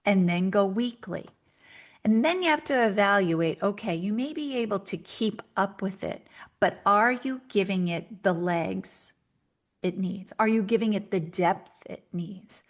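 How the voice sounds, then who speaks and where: A woman hosting a solo podcast, talking earnestly and directly to listeners with coaching advice, sometimes speeding up for quick acted asides. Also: medium pitch. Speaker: podcast host.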